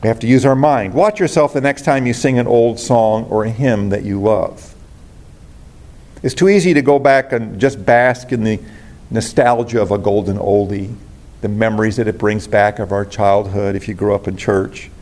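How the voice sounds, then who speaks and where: A man's voice: mid-range voice, a little mellow. A man pastor preaching a sermon, earnest and preacherly, addressing the congregation directly.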